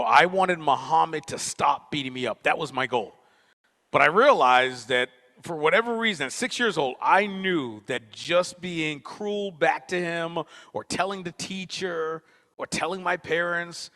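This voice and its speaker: A man giving a storytelling conference talk, playful and quick with joking asides. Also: medium pitch, bright, forceful tone. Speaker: keynote speaker and performer. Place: university auditorium. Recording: long auditorium reverb.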